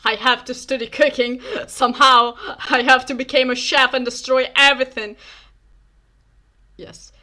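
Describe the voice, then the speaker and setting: A man from Italy speaking English with an Italian accent, chatting casually as a streamer who reacts to a cooking video, halting over fillers and restarts and joking along. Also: extremely high pitch, pushed and bright.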